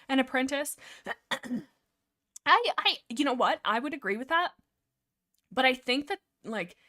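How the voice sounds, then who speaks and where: A woman streamer rambling casually about a book series, animated and sarcastic, full of fillers and restarts. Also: on the high side.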